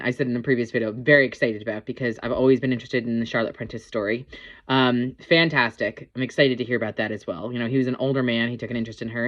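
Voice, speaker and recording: A woman's voice: rumbling low, dull audio. A woman casually reviewing a TV episode, rambling with lots of ums and likes. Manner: rambling, filler-heavy, chatty.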